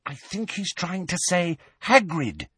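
A man reading aloud and voicing a frightened teenage girl, high and trembling. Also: very animated, measured pace, fairly bright tone, breathy edge, no room sound, exaggerated voice. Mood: frightened whisper.

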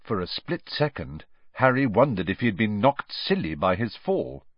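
A man narrating an audiobook in an expressive storytelling manner. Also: fairly low pitch, moderate pace, breathy edge, dry recording. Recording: dry, slightly muffled.

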